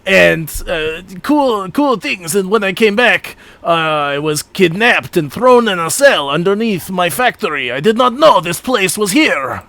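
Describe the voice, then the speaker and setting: A man voicing a boastful male factory owner who insists he is the real one, in a deliberately bad French accent that drifts into Russian and a slow, indignant manner. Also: high-pitched, sing-song, vocal fry, fairly bright tone, dry recording, heavily acted.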